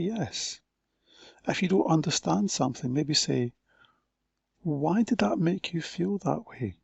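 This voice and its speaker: Slow, gravelly-voiced man giving a talk. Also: fairly high pitch, lively intonation, darkish tone, no echo, highs cut off. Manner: slow, deliberate, with pauses between phrases. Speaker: conference speaker. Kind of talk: recorded conference talk.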